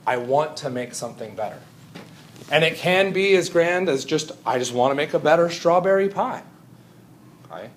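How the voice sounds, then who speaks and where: A man's voice: fairly high pitch, a little hiss or hum. A man teaching a chemistry class in a conversational lecture, often checking in with his students. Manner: conversational, often asks "Right?".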